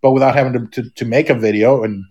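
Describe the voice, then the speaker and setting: A man's voice: mid-range voice, steady tone, fast talker, mellow, highs cut off, a little hiss or hum. Man, middle-aged, podcast guest, casual rambling chat, lots of restarts. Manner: rambling, many restarts and fillers.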